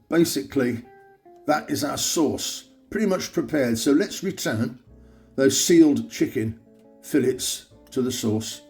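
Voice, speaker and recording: Chatty man hosting a cooking demonstration. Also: mid-range voice. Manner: chatty, upbeat, talks through each step. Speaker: cooking show host. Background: soft guitar music.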